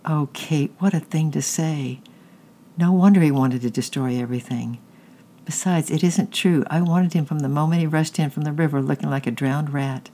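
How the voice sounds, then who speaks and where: A narrator voicing a gentle, caring mother who talks calmly and reasons with her daughter. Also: medium pitch, normal speed, close to an everyday voice.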